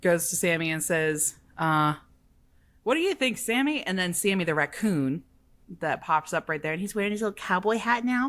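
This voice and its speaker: Gushing woman podcast co-host, lower voice. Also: a little fast. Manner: gushing, animated. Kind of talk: casual chat.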